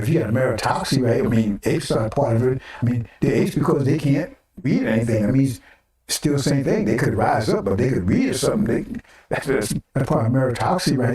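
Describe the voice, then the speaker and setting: An older preacher's mellow, mid-range voice carries his informal sermon broadcast. He speaks rhetorically, repeats phrases and throws in "right?" and "see?", captured in an echoey room with the mic at a distance.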